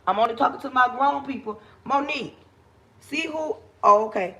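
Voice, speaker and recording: A woman hosting a casual livestream from her kitchen, talking to viewers in an animated, preachy way. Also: sits high, moderate pace. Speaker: livestream host. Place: home kitchen.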